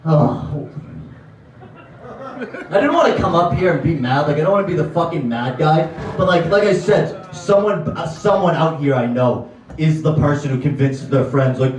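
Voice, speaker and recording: A man's voice: on the high side, animated, moderate pace. A young man from Connecticut doing a profane, ranting stand-up set in a comedy club. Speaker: stand-up comic. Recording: echoey club from far off.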